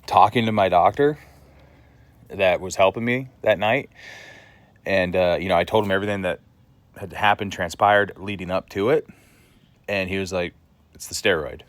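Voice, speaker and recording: Deep-voiced man telling a story bluntly. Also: moderate pace, long pauses, no echo. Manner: blunt, swears freely. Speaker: vlogger. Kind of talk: casual storytelling to camera.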